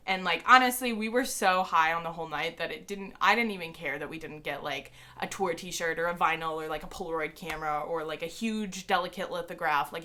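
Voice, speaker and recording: A young woman vlogger tells a story straight to camera, gushing like an excited fan. Her voice sits low but rings bright and forceful. She fills her sentences with "like.". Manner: peppers speech with "like".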